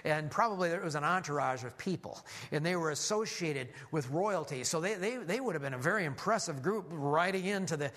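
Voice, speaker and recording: A man preaching a sermon as a lively story, animated, with frequent restarts. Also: a little high, fairly quick, few pauses.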